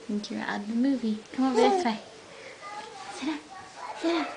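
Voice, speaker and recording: A woman's voice: a little high, lively intonation, normal speed. A young woman filming her baby at home, coaxing it in playful sing-song baby talk. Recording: noisy home camcorder audio.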